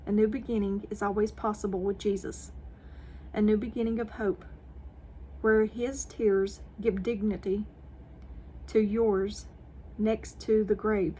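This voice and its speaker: A woman hosting a morning devotional, reading scripture verses and a reflection in a deliberate, earnest way with stressed phrases. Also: mid-range voice, little pitch movement, mellow, slight background noise. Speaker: devotional channel host.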